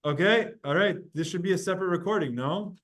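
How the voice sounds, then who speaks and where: Man, slightly high voice, casual class teacher, chants verses slowly. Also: fairly bright tone. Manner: casual, repetitive, explains pronunciation by example. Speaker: Torah teacher. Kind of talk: informal study class.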